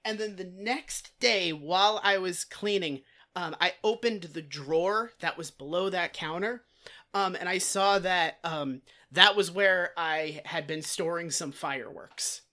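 Bright-voiced profane podcast man. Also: high voice, unhurried. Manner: profane, rambling, many "like" fillers. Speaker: podcast co-host. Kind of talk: casual comedic storytelling.

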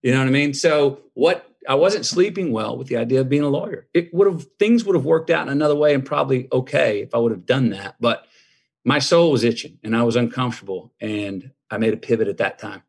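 This guest, a man in his fifties, has a mid-range voice that is gravelly and slightly rough, and he speaks briskly. He tells a personal story conversationally, folksy and reflective, acting out the dialogue he quotes.

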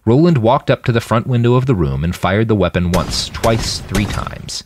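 A man narrating his own serialized fiction in an expressive storytelling manner, close to the mic. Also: fairly low pitch, normal speed, a little hiss or hum. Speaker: podcast fiction reader. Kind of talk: audiobook narration.

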